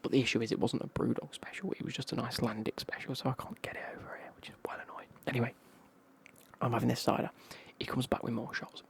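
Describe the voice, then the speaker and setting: A man from England with an English accent, telling a casual travel story in a whispered ASMR style, in a husky whisper with slang. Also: mid-range voice, flat delivery, fast talker. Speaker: ASMR creator.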